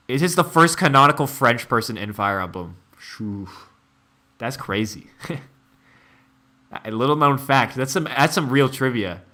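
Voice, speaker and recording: Slow, bright-voiced streamer reacting. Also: male voice, mid-range voice. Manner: laughing, incredulous, profane. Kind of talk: casual reaction commentary.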